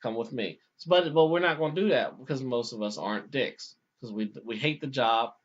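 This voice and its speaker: A man in his thirties casually telling a long story on a podcast, animated, with many restarts and acted-out quotes. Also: mid-range voice, a little fast. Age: 30s. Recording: dull lo-fi podcast audio.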